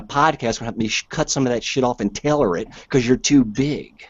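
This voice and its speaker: A man in a heated podcast argument, cursing and taunting with shouted threats. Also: mid-range voice, fairly quick, few pauses, no echo. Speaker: podcast guest. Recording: dull lo-fi sound.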